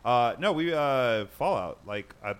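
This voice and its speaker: A man's voice: medium pitch, lively intonation, a little slow, clear, resonant tone. A man hosting a casual podcast, chatting and rambling about video games with friends, laughing often. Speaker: podcast host. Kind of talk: casual gaming chat among friends.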